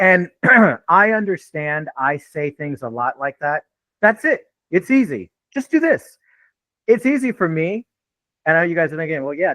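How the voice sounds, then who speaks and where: Laid-back guy teaching real estate, swears a lot, kinda high voice, dead dry sound. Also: fairly bright tone, dry recording, poor audio. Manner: blunt, profane, laid-back. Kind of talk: unscripted training talk.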